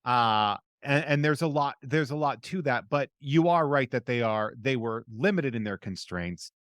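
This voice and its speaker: A man's voice: mid-range voice, lively intonation, normal speed, fairly bright tone, smooth, no room sound. Man, podcast co-host, mid-range voice, blunt, opinionated, dry recording. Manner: blunt, opinionated, corrects others emphatically. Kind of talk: casual chat.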